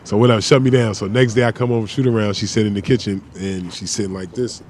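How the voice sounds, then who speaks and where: A man's voice: fairly low pitch, fast, a little hiss or hum. A man in his forties, a podcast guest, telling stories in a loose, slangy, profane way. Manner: animated storyteller, slangy, profane. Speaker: guest, former basketball player. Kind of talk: casual podcast chat.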